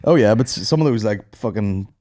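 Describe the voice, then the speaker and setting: A young hungover man with a Northern Irish accent, hosting a crude, animated podcast chat full of swearing and mimicked voices. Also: on the low side, fairly quick. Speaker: podcast host. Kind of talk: crude casual banter.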